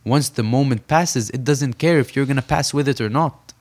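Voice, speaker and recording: A young man, a professional boxer, telling an intense story in a conversational interview and slowing down to stress his key points. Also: medium pitch, darkish tone. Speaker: professional boxer, podcast guest.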